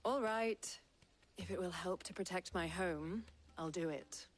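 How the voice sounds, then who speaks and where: A woman's voice: fairly low pitch, measured pace, faint music behind. An actress playing a resolute young townswoman, firm and slightly tart, in a video game.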